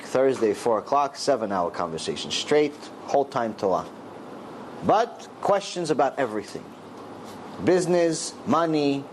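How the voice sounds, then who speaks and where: A man's voice: mid-range voice, a little hiss or hum, low-quality recording. A middle-aged man and rabbi giving a storytelling Torah lecture, acting out the dialogue in raised voices.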